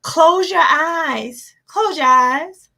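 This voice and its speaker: A woman life coach giving an energetic motivational talk, animated and laughing often as she acts out her own reactions. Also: sits high, extremely slow, vocal fry. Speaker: life coach hosting a live motivational session.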